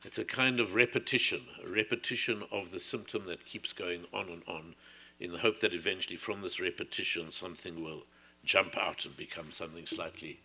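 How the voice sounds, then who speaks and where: A man's voice: low voice, a little fast, sharp tone, slightly rough. An older man from South Africa giving a reflective public lecture, often circling back and restarting his sentences.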